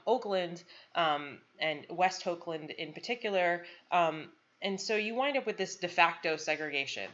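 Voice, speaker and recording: A woman giving a college lecture, pausing often with frequent ums and restarts. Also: low voice, fairly bright tone. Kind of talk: recorded lecture. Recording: dull lo-fi lecture recording.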